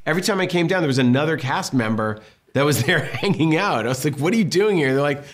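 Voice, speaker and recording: A man's voice: a little high, quick pace, slight background noise. A man in his fifties from Massachusetts, a film director telling stories in a casual interview and acting out what people said. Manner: animated storyteller acting out quotes.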